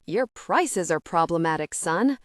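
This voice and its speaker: A woman's voice: mid-range voice, big pitch swings, a little slow, no echo, studio quality, distant mic. A woman voicing a crotchety older male customer who barks and grumbles, in an audiobook. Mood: griping. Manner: barking, gruff and grumbling.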